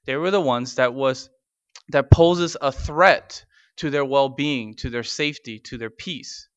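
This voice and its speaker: A man preaching a sermon in a conversational way, with frequent fillers and restarts, and slowing down to stress key words. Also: mid-range voice, clean tone, no room sound, dull audio. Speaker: pastor.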